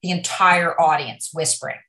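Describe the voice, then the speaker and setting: Middle-aged actress as a talkative interview guest, lowish voice, roomy echo. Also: female voice, moderate pace, pushed and bright. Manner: chatty, rambling storyteller with many restarts. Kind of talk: casual interview chat.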